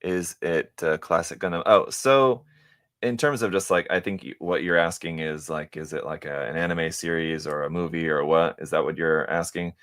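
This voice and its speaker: A man with a deep, low voice hosts a casual live stream and talks while he builds a model kit. His speech wanders, full of fillers, restarts and side comments. Every so often he drops into mumbling to himself over his hands. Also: fairly even intonation, normal speed, fairly bright tone. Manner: rambling and hesitant, many fillers and restarts; mutters to himself while working. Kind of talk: casual live-stream chat, answering viewer questions.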